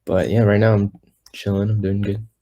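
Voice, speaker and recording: The recording is lo-fi: a teenage singer on a podcast speaks in a low-ish, dark voice at normal speed with fairly even intonation. In this casual interview he tells his story in a meandering way, with many fillers and restarts, voicing what others said.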